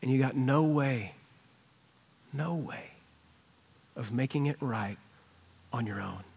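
A man's voice: mid-range voice, moderate pace, creaky, darkish tone, husky. A man preaching a sermon in a church, conversational and earnest as he retells a personal story. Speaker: pastor. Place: church sanctuary.

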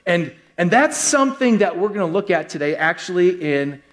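A man preaching a sermon to a live congregation, telling a funny story with lively, joking delivery. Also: sits high, normal speed. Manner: animated, joking, acts out quoted voices. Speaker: pastor. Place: church hall with a live congregation.

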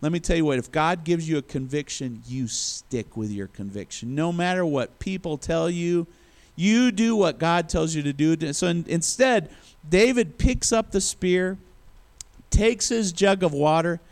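A man's voice: fairly high pitch, measured pace, smooth. A male preacher giving a sermon in a conversational storytelling manner. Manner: conversational storytelling, acts out quotes.

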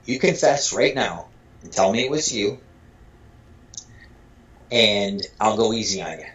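Male storyteller from Michigan, animated, acts out dialogue, curses freely, muffled lo-fi sound. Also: lowish voice, a little slow. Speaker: storyteller guest. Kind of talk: casual anecdote telling. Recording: dull lo-fi sound.

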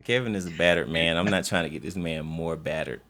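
A man's voice: sits low, fairly quick, fairly bright tone. A man hosting a podcast, bantering loosely and laughing often with his co-hosts. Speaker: podcast host. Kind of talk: casual banter.

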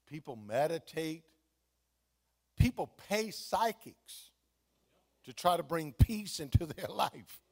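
A man's voice: a little high, takes it slowly, long pauses. A man, a pastor preaching a sermon with playful, humorous storytelling. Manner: animated, playful, laughs at own jokes.

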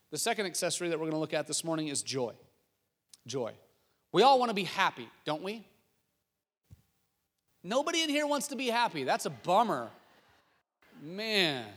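A male pastor preaching a sermon, telling stories and asking the congregation questions with rising excitement. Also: fairly high pitch. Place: church sanctuary. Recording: long hall reverb.

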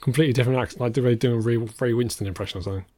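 A man's voice: medium pitch, racing, dark tone, no room sound. A man co-hosting a podcast about films, in a rambling, casual chat that often trails off into a laugh. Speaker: podcast co-host.

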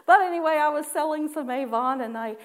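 A woman preaching a personal testimony, animated in her storytelling, acting out her own prayers with laughing asides. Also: high voice, moderate pace. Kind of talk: sermon testimony.

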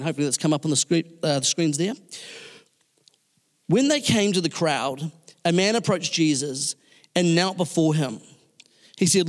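A man preaching a sermon in a conversational way, with fillers and restarts. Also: fairly high pitch. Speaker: pastor. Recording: long hall reverb.

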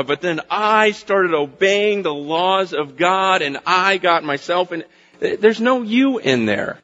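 A male pastor delivers an animated sermon in a slightly high voice. He acts out quoted lines of people and God as he preaches. The recording is dull and lo-fi.

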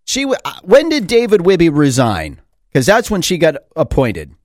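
A man's voice: fairly high pitch, wildly swooping pitch, moderate pace, darkish tone, dry recording, clean studio sound. A man who sits on a school board, giving a sarcastic opinion monologue full of rhetorical questions. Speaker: school board member and commentator.

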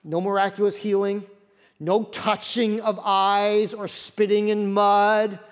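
Man, high voice, pastor preaching, acts out characters, long hall reverb. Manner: animated, acts out Bible characters in quick voices. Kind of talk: sermon.

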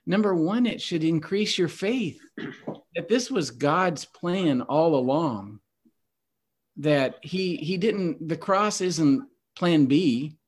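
A man's voice: a little high, lively intonation, slow, slightly rough. A man hosting a Bible teaching podcast, earnest and emphatic in a preacherly way. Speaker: host.

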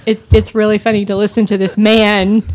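A woman's voice: mid-range voice, level tone, a little fast. A woman in casual podcast chat, talking about a book she is reading and often restarting her sentences. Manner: chatty, restarts often, amused storyteller.

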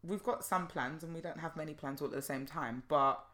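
A woman with a somewhat low voice co-hosts a relaxed podcast. She tells animated stories, slips into quick impressions of people and laughs often. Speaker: podcast co-host. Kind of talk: casual chat.

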